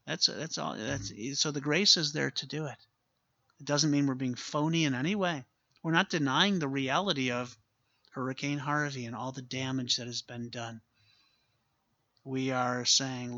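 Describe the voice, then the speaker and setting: A man's voice: mid-range voice, steady tone, moderate pace, sharp tone, dry recording, dull audio. A man preaching a sermon as a pastor, earnest and emphatic, repeating his key phrases for weight.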